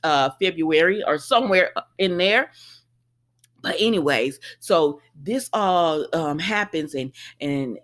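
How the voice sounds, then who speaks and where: Lively woman recapping a soap. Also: on the low side. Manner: animated, exclaims, paraphrases dialogue, addresses viewers as y'all. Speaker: soap opera recap host. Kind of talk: casual chat.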